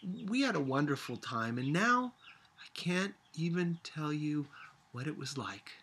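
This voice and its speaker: A man's voice: fairly high pitch, lively intonation, unhurried, fairly bright tone, breathy edge, exaggerated voice. A man voicing an old grandmother in a read-aloud storybook, with emphatic rising and falling delivery. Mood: upset. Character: old grandmother, wistful and prickly.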